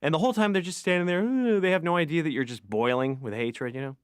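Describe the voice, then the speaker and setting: A man's voice: on the high side, fast talker, smooth, no room sound, clean studio sound, lightly acted. A man voicing a comedian in a cartoon, ranting about petty annoyances in an exasperated stand-up style. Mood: irritated. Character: ranting grumpy adult male comedian. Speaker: comedian patient. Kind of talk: animated stand-up monologue.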